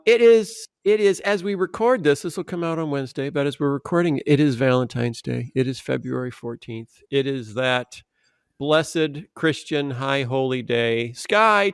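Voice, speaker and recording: A man's voice: mid-range voice, creaky, smooth, no echo. Jokey man, middle-aged, podcast host, dry close mic. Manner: playful, joking, sings a silly theme song. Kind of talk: casual chat.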